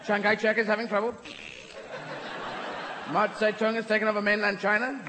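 A man's voice: high voice, level tone, fairly quick, pitched above the performer's own voice, natural voice. A man playing an urgent chattering dolphin. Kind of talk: stand-up comedy bit. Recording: live hall with audience noise.

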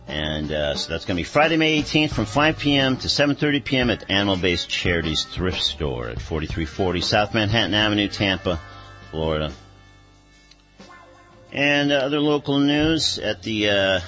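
A man hosting a radio show, relaxed and full of fillers, reading local news and introducing a guest. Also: on the low side, muffled recording. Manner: relaxed, filler-heavy, lively intonation. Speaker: radio host. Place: radio studio. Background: faint instrumental music.

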